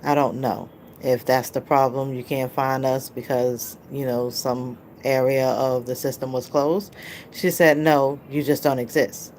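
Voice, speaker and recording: A woman with a strikingly deep, low voice tells a story to camera in a loose, rambling way, leaning on "um" and "you know" as she acts out both sides of a conversation. Faint room noise sits behind her. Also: steady tone, measured pace, a little mellow. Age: adult, mother of a child. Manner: rambling, filler-heavy, recounts dialogue. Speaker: vlogger.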